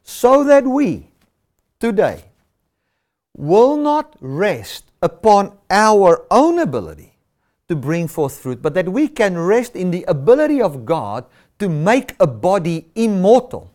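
Male preacher, unhurried sermon delivery, slightly raised pitch, leans hard on repeated words. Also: big pitch swings, a little mellow. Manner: emphatic, repeats key words for stress.

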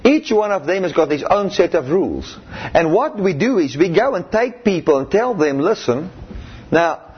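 A man's voice: sits high, big pitch swings, moderate pace, slightly rough. A middle-aged man preaching a sermon, emphatic and repetitive, punctuating points with hallelujah and amen, on a muffled lo-fi recording.

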